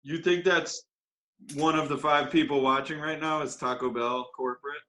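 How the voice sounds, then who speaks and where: Wry, joking man with a higher voice. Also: steady tone, normal speed, pushed and bright. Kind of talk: casual chat.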